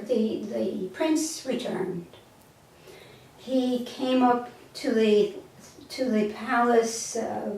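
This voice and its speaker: A woman telling a parable slowly and gently and then reflecting on its spiritual meaning, with a few small stumbles, recorded from a distance in an echoey room. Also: fairly high pitch. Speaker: storyteller and teacher. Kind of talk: slow storytelling and spiritual teaching. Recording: echoey room, mic far off.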